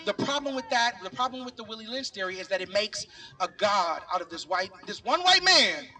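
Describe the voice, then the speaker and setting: A man's voice: sits high, pushed and bright. A middle-aged man giving an impassioned speech at an outdoor rally, talking straight to the crowd in a casual, earnest way. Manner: earnest, talks directly to the crowd with "y'all". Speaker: speaker at a rally. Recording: voice picked up from a distance.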